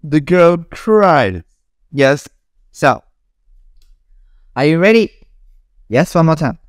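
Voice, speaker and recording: Young teacher lady drilling words with kids, slightly low voice, bouncy melody. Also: slow, studio quality. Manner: animated, repeats words for children to echo, laughs. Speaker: English teacher for children. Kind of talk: classroom drilling lesson.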